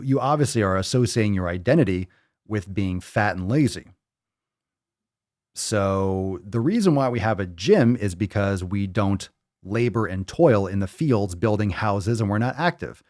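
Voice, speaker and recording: A man's voice: on the low side, darkish tone, no echo, studio quality. A man hosting a podcast in casual chat, reading posts aloud and rebutting them in a blunt, profane, mocking way. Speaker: podcast host.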